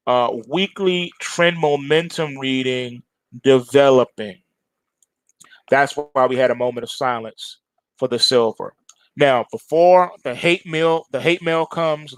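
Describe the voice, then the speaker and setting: A man's voice: medium pitch, a bit bright, no room sound. A middle-aged man hosting a trading show, giving emphatic, repetitive chart commentary straight to his viewers. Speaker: trading analyst host.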